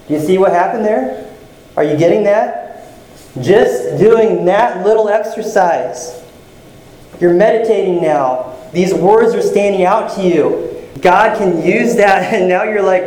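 A man's voice: high-pitched, measured pace, darkish tone, reverberant, rough recording. A male pastor giving a sermon in a conversational, encouraging way, often repeating phrases.

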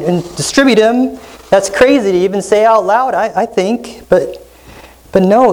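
Male pastor for a teaching sermon: steady explanatory delivery, keeps checking in with the room through rhetorical questions, reads scripture aloud. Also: high-pitched, low-quality recording. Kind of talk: expository sermon.

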